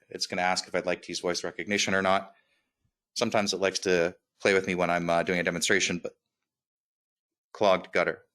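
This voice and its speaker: With a deep voice and a slight lisp, a man presents a software demo during a webinar. His walkthrough is upbeat and fast, and he keeps checking in with "right?".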